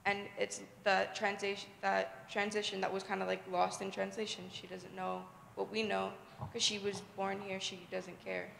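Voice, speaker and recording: Brief: woman with a strongly gravelly, flat voice, rambling and casual, heard in a roomy hall with faint noise. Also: medium pitch, normal speed. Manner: rambling, leans on "like". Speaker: book club participant. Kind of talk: casual group discussion. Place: indoor event hall.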